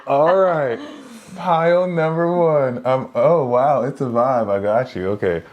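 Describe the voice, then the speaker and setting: Unhurried and mid-range, this man's voice comes through with lo-fi sound. As co-host of a live podcast, he reads tarot casually and jokingly, laughing often and letting sentences trail off midway.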